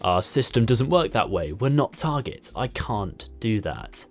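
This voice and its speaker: A man's voice: lowish voice, big pitch swings, measured pace, soft background music, exaggerated voice. A man voicing an anxious teenage shop assistant who talks in a flustered, pleading way. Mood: nervous.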